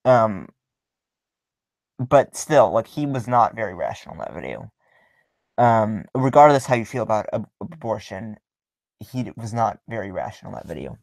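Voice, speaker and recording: A man's voice: lowish voice, sing-song, gravelly, darkish tone, no echo, low-quality recording. Young man chatting casually on a livestream. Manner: halting, many filler ums, chuckles while reading. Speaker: livestream host reading viewer comments.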